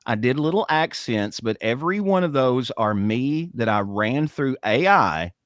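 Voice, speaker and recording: A man's voice: mid-range voice, animated, a little slow, a bit bright, no echo, clean studio sound. A man co-hosting a casual podcast, explaining at length with many fillers and restarts. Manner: rambling, explanatory, lots of fillers. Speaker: podcast co-host and radio worker.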